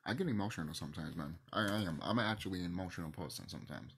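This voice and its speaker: Passionate, husky-voiced man ranting. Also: deep voice, rapid-fire. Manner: passionate, swings between loud outbursts and hushed near-whispers, swears. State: emotional, teary. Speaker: video host. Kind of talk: ranting monologue to camera.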